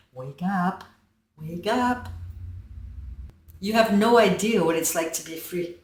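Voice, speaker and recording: A woman's voice: on the low side, far from the mic. Earnest woman speaking from across an echoey room. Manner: slow, earnest, storytelling with soft dips in volume. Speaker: channel host. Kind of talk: reflective self-help monologue. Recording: roomy echo, voice set back from the mic.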